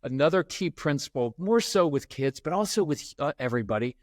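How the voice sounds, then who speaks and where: This podcast guest, a middle-aged parenting expert, speaks briskly in a slightly high voice. He tells stories animatedly and acts out the quotes, in a conversational interview with a dry, studio-quality recording.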